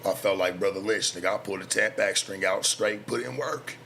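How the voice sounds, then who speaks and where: A man's voice: fairly low pitch, brisk, gravelly, bright, forceful tone, a little hiss or hum. A man in his thirties hosting a late night talk show, ranting casually and defensively with lots of slang and swearing. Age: 30s. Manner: boastful, defensive, heavy slang. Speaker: show host. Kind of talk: profane casual rant.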